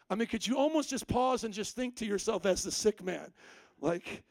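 A male pastor with a high voice preaches, animated and playful as he acts out lines with humor. The sound is dry and close. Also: normal speed, no room sound. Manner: animated storytelling, acting out quoted lines with humor. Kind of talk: sermon. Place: church service.

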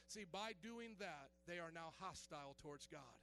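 A man's voice: a little high, lively intonation, moderate pace, few pauses, bright, forceful tone, soft background music. A male pastor preaching a sermon in a conversational way, quizzing the congregation with questions and dropping joking asides.

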